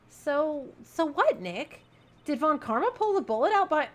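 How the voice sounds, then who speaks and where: A young woman streaming a game and reacting out loud, excitable and animated, cursing freely as she theorizes. Her voice sits rather high. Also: measured pace. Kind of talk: game commentary.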